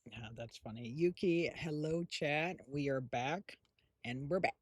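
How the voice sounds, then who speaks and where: A man's voice: on the high side, unhurried, no room sound. Rambling middle-aged man chatting on stream. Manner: rambling, chatty, many fillers and restarts; eating while talking. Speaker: streamer host. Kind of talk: casual stream chat.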